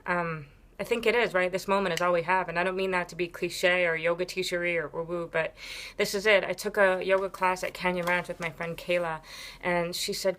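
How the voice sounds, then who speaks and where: A woman with a low-pitched voice speaks straight to camera in a casual, unscripted vlog. She teaches yoga and talks frankly, rambling along with plenty of ums and a casual swear here and there. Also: steady tone, fairly quick, a bit bright. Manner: candid, rambling, with frequent ums and profanity.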